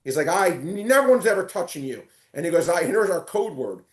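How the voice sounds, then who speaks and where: Man, animated storyteller, stumbling restarts, higher voice, echoey room, casual podcast chat. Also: moderate pace. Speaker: guest.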